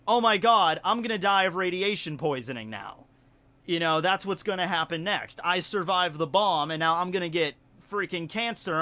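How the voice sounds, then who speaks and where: A man with a Southern US accent, telling a story in casual livestream chat, rambling and animated with lots of fillers. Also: high voice. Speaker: YouTuber hosting a livestream.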